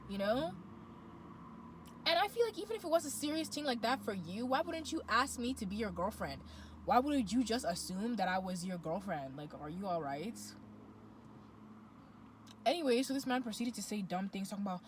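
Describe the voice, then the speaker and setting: A woman, telling a dating story to camera in a lively, slangy, dramatic way. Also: on the high side, fairly quick, a little hiss or hum, poor audio. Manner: animated, slangy, dramatic retelling. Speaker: vlogger. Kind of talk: storytime monologue.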